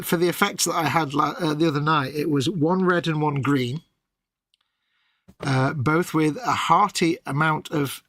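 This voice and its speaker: A middle-aged man co-hosting a casual live stream, trading dry, deadpan jokes. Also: a little high, no echo. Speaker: co-host.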